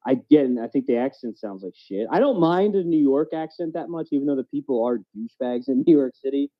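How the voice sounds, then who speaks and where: A man's voice: medium pitch, lively intonation, fairly quick. Rambling blunt man, faint Philly accent. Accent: faint Philadelphia. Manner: rambling, blunt, swears casually. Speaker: podcast co-host. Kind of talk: casual chat. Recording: dull lo-fi sound.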